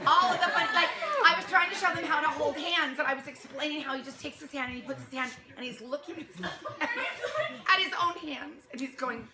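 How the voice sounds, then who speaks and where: High-voiced woman addressing a young cast. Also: expressive, a little fast. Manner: warm, laughing, acts out lines. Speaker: theater director. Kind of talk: speech to a youth cast. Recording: echoey room with a crowd. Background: audience murmur and laughter.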